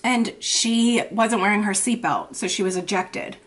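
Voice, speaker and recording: A woman in her thirties telling a personal story in a confessional makeup vlog, with halting, emotional speech, shaky and anxious. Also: mid-range voice. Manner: halting, emotional storytelling with many fillers and restarts. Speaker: beauty vlogger.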